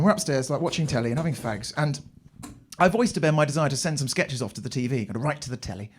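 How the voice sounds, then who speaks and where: A young Englishman with a high voice performs live stand-up on a comedy club stage, telling rambling stories laced with crude swearing.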